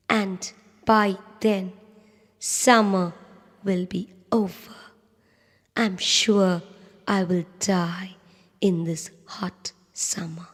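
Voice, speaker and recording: A woman voicing a slow, sad male tortoise, speaking softly and drawing out words. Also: medium pitch. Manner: soft, hushed and drawn out. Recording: long reverb.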